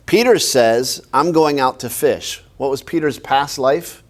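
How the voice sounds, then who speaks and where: A man's voice: medium pitch, unhurried. A man, a pastor, teaching a Bible class in a conversational way, often quizzing his listeners with questions.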